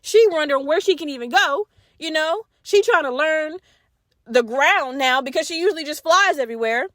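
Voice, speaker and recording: Retelling a movie's plot for her podcast, this woman turns it into lively, slang-heavy, foul-mouthed comedic storytelling. She speaks high and at normal speed, in a close, dry recording without echo or room sound.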